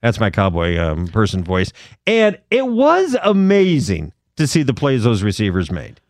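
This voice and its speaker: A man co-hosting sports talk radio, telling stories in an animated way. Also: fairly low pitch, measured pace, dry recording, studio quality. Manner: animated, storytelling.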